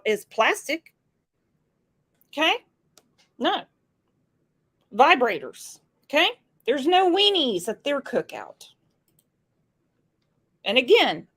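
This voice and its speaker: A woman hosting a true crime commentary, talking casually with sarcastic, mocking asides. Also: high voice.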